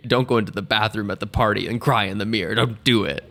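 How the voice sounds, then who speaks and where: A man's voice: on the low side, quick pace, creaky, bright, forceful tone. A man hosting a podcast, answering listener questions in a candid, rambling, self-mocking way. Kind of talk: casual advice chat.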